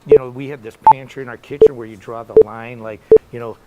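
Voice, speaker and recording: A man's voice: medium pitch, steady tone, fast, heavy background noise. A middle-aged man giving a guitar lesson in a casual, rambling way, full of anecdotes and asides. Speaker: guitar teacher. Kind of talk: casual one-on-one lesson talk. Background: loud electric guitar playing.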